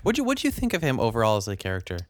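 A man's voice: mid-range voice, very fast, dry recording, clean studio sound. A young man co-hosting a podcast, reviewing a TV show with incredulous jokes. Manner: animated, incredulous joking. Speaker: podcast co-host. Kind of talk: casual chat reviewing a TV show.

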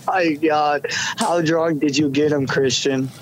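A man's voice: a little high, fairly even intonation, slow pace, crowd noise, poor audio. A man joining a casual chat as a guest, easygoing and laughing along.

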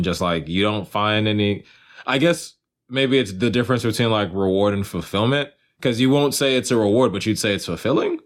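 A man co-hosting a podcast in casual chat, animated, profane and teasing. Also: on the low side, normal speed. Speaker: podcast co-host.

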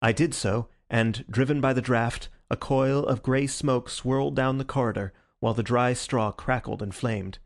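Male audiobook narrator, measured, gravelly, mid-pitched. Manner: measured, even reading with calm character dialogue. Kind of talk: audiobook reading of a detective story.

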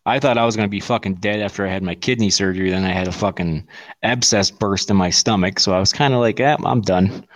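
A man's voice: low voice, quick pace, no echo. A man in his thirties who hosts a podcast, chatting casually, swearing freely and laughing as he tells stories. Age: 30s. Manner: profane, storytelling, laughs a lot. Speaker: podcast host. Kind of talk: casual chat.

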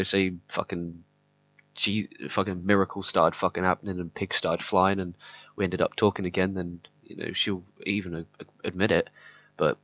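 Male podcast host, low-pitched, rambling and candid, dull lo-fi sound. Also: a bit bright. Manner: candid, rambling, swears often. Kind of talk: personal podcast monologue. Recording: slightly dull lo-fi audio.

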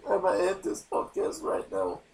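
A man hosting a podcast and commentating an online wrestling show. His delivery is emotional and halting, with restarts and repeated words. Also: huge pitch swings. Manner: deeply moved, emotional delivery.

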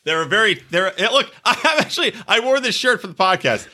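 A man co-hosting a casual podcast recap, swearing freely as he rants. His voice sits high and swoops all over. The tone is very bright and forceful. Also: very animated, fast talker. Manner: profane, ranting, laughs often. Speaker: podcast co-host. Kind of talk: casual chat, reality TV recap.

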